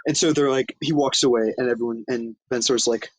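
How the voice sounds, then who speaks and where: A man's voice: mid-range voice, steady tone, fast, slight background noise, low-quality recording. A man co-hosting a podcast, casually recapping a comedy film in a loose, profane way and acting out quoted lines. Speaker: podcast co-host. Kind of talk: casual movie recap chat.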